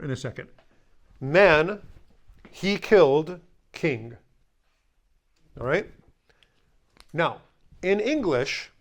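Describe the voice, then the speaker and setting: A man teaching a language class, explaining grammar in a conversational way and slowly repeating example words. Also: on the high side. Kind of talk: classroom lesson.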